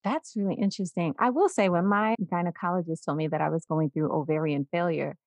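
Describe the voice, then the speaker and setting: A woman's voice: on the low side, brisk, darkish tone, no room sound. A woman in her forties co-hosting a podcast, telling stories in casual conversation and acting out the voices she quotes. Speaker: podcast co-host.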